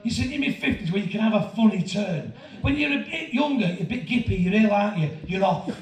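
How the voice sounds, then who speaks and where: A man, telling a profane, animated stand-up story to a laughing audience. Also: high voice, fast talker. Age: 50s. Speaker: stand-up comedian. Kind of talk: stand-up routine. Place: large comedy venue with audience laughter. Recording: echoey venue recorded from far off with crowd.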